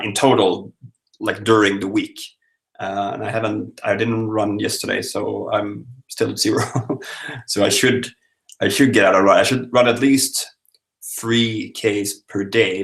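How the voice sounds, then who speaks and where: Streaming live from his home, a thirtysomething man from Sweden rambles and jokes with his audience while reading out their comments. He speaks with a fairly low, fairly bright voice marked by vocal fry.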